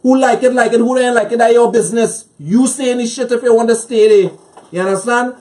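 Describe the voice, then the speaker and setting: A man's voice: extremely high pitch, brisk, mellow. A man with a Trinidadian accent, a guest on a political talk show, speaking angrily and emphatically and repeating phrases to drive his points home.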